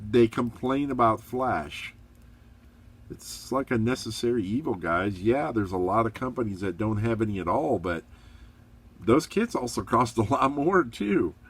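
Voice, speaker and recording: A middle-aged man giving a relaxed, chatty review of a model kit, rambling a little and encouraging viewers. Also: mid-range voice, slightly rough. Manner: upbeat, encouraging. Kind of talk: casual hobby review.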